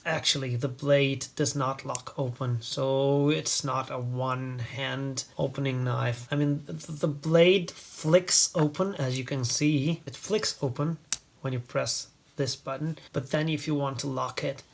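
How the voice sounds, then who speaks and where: A man hosts a casual product review, wandering off on wry digressions. His voice is mid-pitched with a gravelly, fry-tinged texture. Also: fairly even intonation, measured pace. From Italy. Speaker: host.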